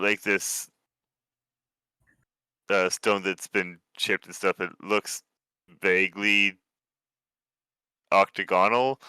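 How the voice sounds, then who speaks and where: A man's voice: low voice, bright, forceful tone, clean tone, no echo. A man narrating as game master of a tabletop game, loose and full of fillers.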